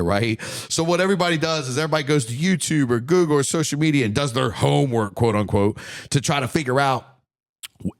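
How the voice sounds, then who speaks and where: A man in his forties rants alone on his podcast, blunt and profane, stumbling over repeated words as he gets heated. His voice sits at an ordinary middle pitch. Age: 40s. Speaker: podcast host. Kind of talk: solo podcast rant.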